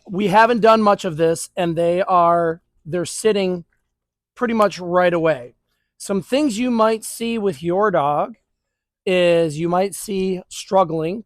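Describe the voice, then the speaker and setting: Man, dog trainer, high voice, dry close sound, instructive, outdoor demo. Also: slow pace, dry recording. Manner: instructive, talks to the viewer and praises dogs. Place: outdoors near grass.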